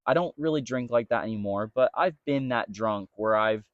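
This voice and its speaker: A man's voice: medium pitch, normal speed, no room sound, highs cut off. A young man co-hosting a podcast, telling a story in casual chat and quoting people along the way. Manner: storytelling, animated quoting of others. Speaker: podcast co-host.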